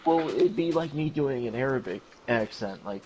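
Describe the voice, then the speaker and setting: A man chatting casually while playing a game, laid-back and quick to laugh at his own jokes. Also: medium pitch, expressive, darkish tone, a little hiss or hum, poor audio. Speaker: gamer.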